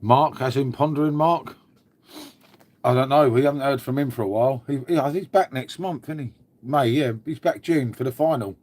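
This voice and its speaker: A man's voice: mid-range voice, moderate pace, a little mellow, no echo. An English man hosting a casual live stream from home, rambling chattily, swearing now and then and answering his chat. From England.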